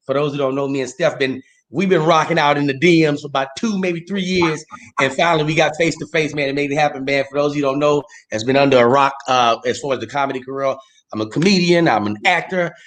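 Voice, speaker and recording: A man who is a comedian, guest on a casual interview show, talking loosely and breaking into loud, animated mock outrage. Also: a little high, fast talker.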